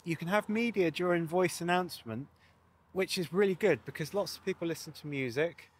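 A man's voice: high-pitched, brisk, breathy edge. A man presenting a casual walkthrough of a motorcycle sat nav, chatty with wry asides.

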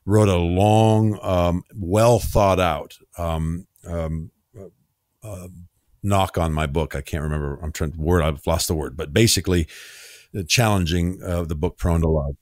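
A deep-voiced man hosts a relaxed, conversational podcast interview, telling stories energetically and acting out the voices of the people he quotes. He laughs easily and speaks a little slowly. The sound is dry and close, without echo or room around it.

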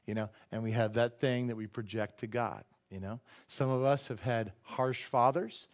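A man preaching a sermon in a church, animated and joking, acting out quick voices for the people he talks about. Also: fairly low pitch. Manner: animated, acts out voices and jokes with the congregation. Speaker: pastor.

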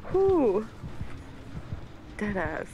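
A woman's voice: mid-range voice, sing-song, extremely slow, lo-fi sound, a little hiss or hum. A woman chatting casually with a friend during a game, laughing, swearing and teasing. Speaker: gaming friend. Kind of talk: casual gameplay chat.

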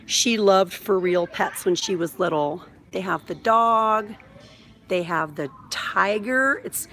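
A woman's voice: mid-range voice, measured pace, a bit bright. A woman in her thirties, gushing and chatty as she vlogs live while she shops in a big store, filming on a phone mount. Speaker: vlogger. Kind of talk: live shop-with-me vlog. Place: large indoor store. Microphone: phone on a vlogging mount.

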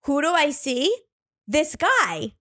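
A woman's voice: high-pitched, sing-song, slow, a bit bright. A woman in her thirties, a comedian guest on a podcast, telling rambling stories full of "like". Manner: rambling storyteller, lots of "like". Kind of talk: casual podcast chat.

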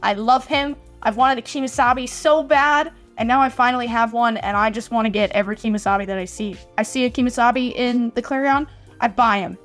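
A woman's voice: a little high, fairly quick, fairly bright tone. A young woman chatting playfully and gushing as she shows off her haul in a casual vlog. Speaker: model horse collector vlogger. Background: faint background music.

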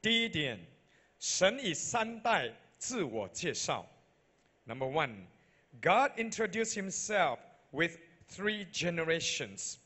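A man with a Malaysian accent, a pastor preaching a sermon, repeating each point in two languages and building to loud, emphatic peaks. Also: a little high, sing-song, takes it slowly, husky. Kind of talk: bilingual sermon.

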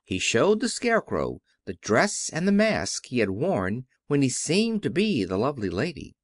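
Brief: expressive male storybook narrator, dry studio read. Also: medium pitch, moderate pace, dry recording. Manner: expressive, animated reading. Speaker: audiobook narrator.

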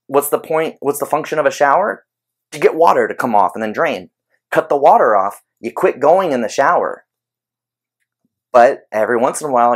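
A man giving an informal explanatory talk on behavior training, conversational and animated, using everyday examples. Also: medium pitch. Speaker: behavior analysis educator.

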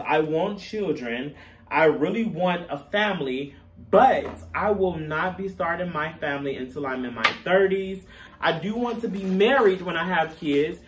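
A young man talks candidly to camera in a casual vlog, chatty and quick to laugh at himself. His voice sits a little high for a man. The camera mic is some way off, so he sounds distant, with a faint hiss behind him. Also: animated. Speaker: vlogger.

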